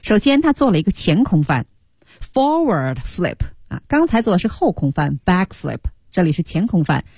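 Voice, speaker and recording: A woman radio teacher explaining an English story line by line, lively and coaxing. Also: fairly low pitch, normal speed, husky, dry recording, studio quality. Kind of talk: language lesson explaining in Mandarin. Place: broadcast studio.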